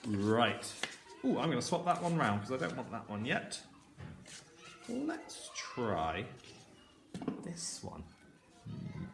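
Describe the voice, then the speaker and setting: A man leads a children's phonics lesson, stretching out each sound slowly and praising the class. His pitch swings widely as he speaks. The room is echoey, with a faint hum of ambience behind him. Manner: slow, sounding out words letter by letter; encouraging, animated teacher voice. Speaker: primary school teacher.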